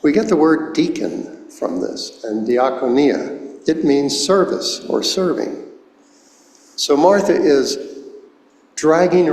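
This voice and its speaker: A man in his seventies preaching a sermon as pastor, explaining words slowly and deliberately, recorded in a church sanctuary. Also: a little high, darkish tone. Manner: slow, deliberate, explains Greek words one at a time. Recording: echoey church hall, long reverb.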